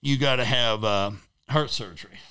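A man's voice: medium pitch, moderate pace, pushed and bright, clear, resonant tone. A middle-aged man, an interview guest, telling a personal story casually in a blunt, profane, rambling way.

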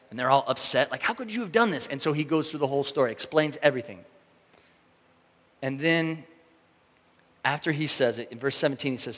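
A man preaching a sermon in a casual, animated way, acting out the reactions of the people in his story. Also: mid-range voice, big-room sound. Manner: animated, conversational, acts out quoted reactions. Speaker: pastor.

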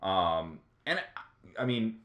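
A man with a low voice and a bright, forceful edge talks through a story in a loose, rambling way, pausing on ums as he goes. The room is roomy, with his voice bouncing back off the walls. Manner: rambling, relaxed explainer with filler ums. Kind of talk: casual chat.

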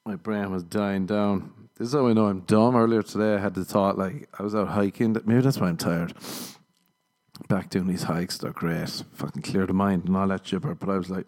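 A man's voice: low voice, little pitch movement, a little fast, darkish tone. A man, a comedian rambling casually on his podcast, self-mocking and swearing a lot. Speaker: podcast host. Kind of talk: casual solo podcast chat.

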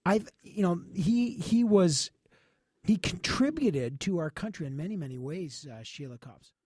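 A man interviewing guests on the radio, prompting with quick interjections. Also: high voice, animated, a little mellow, slight background noise.

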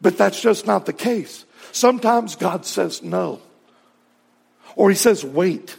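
A man's voice: high-pitched, slow, creaky, slightly rough, in a large hall. A male pastor preaching a sermon earnestly, building to emphatic peaks.

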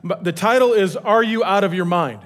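Up on a church stage, a middle-aged pastor delivers a lighthearted, funny sermon, full of energy and jokes and frequently starting sentences over. He speaks fairly quickly in a high voice.

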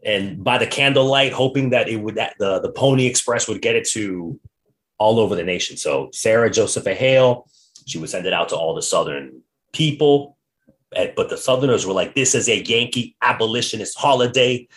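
A man hosting a podcast, telling history in a casual, animated way and reading quotes aloud. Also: lowish voice, normal speed. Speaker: podcast host.

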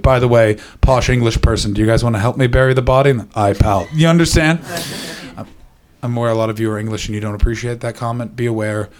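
Brief: male comic, mid-pitched, swearing and bantering with the room. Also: quick pace. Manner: profane, rambling, riffs with the crowd. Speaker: stand-up comedian. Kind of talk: stand-up comedy set. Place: live comedy venue.

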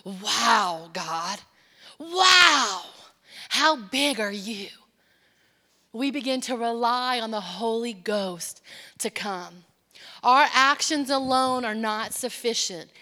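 Bright-voiced woman preaching in a reverberant church. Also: a little high, lively intonation, slow. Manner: impassioned, swings from hushed to emphatic. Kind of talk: sermon. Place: church sanctuary.

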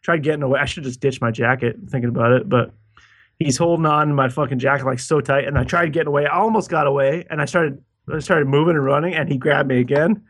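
A man's voice: fairly high pitch, quick pace, fairly bright tone. A man telling a story over a call, swearing nonstop. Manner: rambling, heavy swearing, restarts. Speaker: podcast co-host. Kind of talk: casual storytelling chat. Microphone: Skype call.

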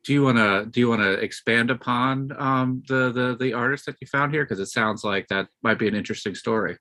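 A man's voice: mid-range voice, fairly quick, bright, forceful tone. A man hosting a podcast, opening the show and prompting his guest with questions. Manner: friendly, prompting questions with fillers. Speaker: podcast host. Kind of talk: podcast interview.

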